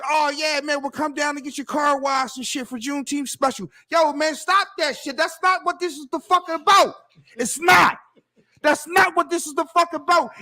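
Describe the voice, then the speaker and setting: A man's voice: very high-pitched, sharp tone. Heated, profane man ranting. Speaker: podcast co-host. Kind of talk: casual podcast chat.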